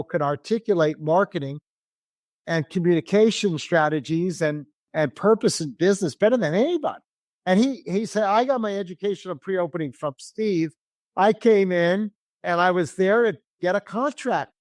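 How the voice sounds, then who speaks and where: A man's voice: sits high, dry recording. Male guest spinning an anecdote, slipping into others' voices; dry studio sound. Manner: acts out quoted voices while telling a story. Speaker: interview guest. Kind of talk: animated storytelling in an interview.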